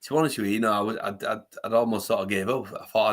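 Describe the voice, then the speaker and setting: A man, a former rugby league player, telling his story as a podcast guest in an animated way, often restarting and repeating words. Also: on the low side, very fast. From England.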